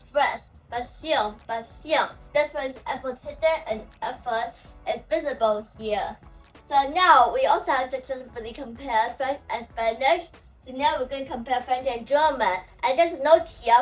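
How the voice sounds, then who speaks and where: A woman teaching language pronunciation, who talks slowly and says example words over and over. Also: high voice, far from the mic, poor audio. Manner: slow and repetitive, saying example words over and over. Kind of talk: explaining pronunciation.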